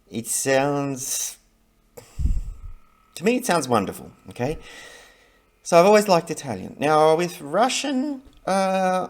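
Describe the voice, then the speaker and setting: A middle-aged man talking casually to camera about learning languages, chatty and rambling, with many fillers and restarts. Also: medium pitch.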